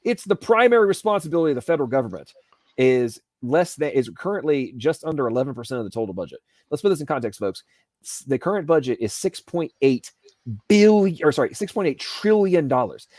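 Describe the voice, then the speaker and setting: A man's voice: medium pitch, lively intonation, fairly quick, darkish tone, no room sound. A man hosting an aftershow, ranting heatedly and sarcastically about government waste. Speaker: show host. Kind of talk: aftershow rant. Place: Asheville home studio.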